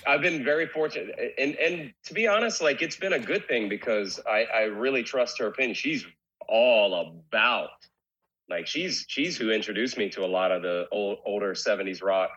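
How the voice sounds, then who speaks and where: Low husky-voiced man, candid guest. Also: expressive, normal speed, a bit bright, dull audio. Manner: candid, rambling with many restarts. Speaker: guest, rock singer. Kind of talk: casual interview chat.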